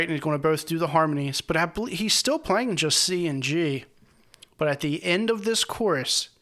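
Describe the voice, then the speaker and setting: A man with a bright, forceful voice that sits a little high for a man. He reacts earnestly and moved to a country song, then walks through its chords in a loose, enthusiastic way, tripping over his words and starting sentences again. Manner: enthusiastic, often restarts mid-sentence while explaining; earnest and moved, speaks about the song with feeling. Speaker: music reaction channel host.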